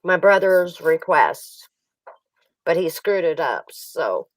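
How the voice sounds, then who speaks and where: A middle-aged woman hosts a casual stream and spins a family story with lots of laughter. Her pitch jumps around as she acts out the scenes. She sits back from the mic in a dry room. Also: big pitch swings, slow, no echo, recorded from a distance, poor audio. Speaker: livestream host.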